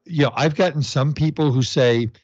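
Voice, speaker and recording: A man's voice: fairly high pitch, moderate pace, dry recording, highs cut off. A man hosting a podcast interview, conversational and chiming in with brief questions. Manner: conversational, chimes in briefly, stammers when excited. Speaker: podcast host.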